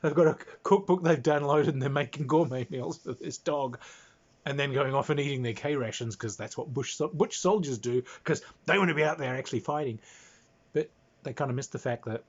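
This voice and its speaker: A man's voice: medium pitch, fairly quick. A man casually recounting a tabletop game in an amused, rambling way, chuckling as he goes. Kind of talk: casual anecdote. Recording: dull lo-fi recording.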